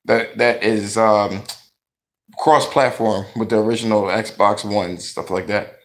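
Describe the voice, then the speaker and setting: A man's voice: lowish voice, fairly even intonation, slow. A man giving blunt, profane gaming commentary, ranting in a talkative vlog style.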